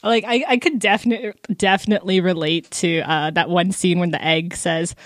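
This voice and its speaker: A woman's voice: on the low side, steady tone, normal speed, hardly any pauses, dry recording, clean studio sound. A woman in her twenties chatting casually about a book, with lots of fillers and bits where she quotes people. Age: 20s. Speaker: book discussion co-host.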